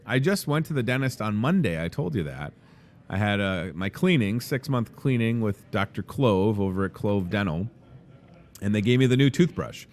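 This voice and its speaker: A man's voice: lowish voice, lively intonation, moderate pace, darkish tone. A man hosting a casual live show from inside a grocery store, joking and rambling in an upbeat way. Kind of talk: casual live promo chat.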